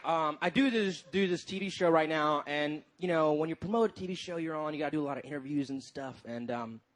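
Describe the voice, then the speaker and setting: A young man performing stand-up comedy on stage, animated, often jumping into high mocking voices for the people in his stories. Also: fairly quick. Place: comedy club stage before a laughing audience. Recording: live stage recording with crowd laughter.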